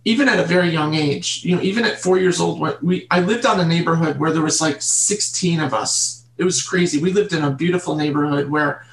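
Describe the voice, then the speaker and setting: A woman guest in an interview, telling her childhood story in an earnest, halting way and repeating words. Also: sits low, a little hiss or hum. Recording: roomy echo.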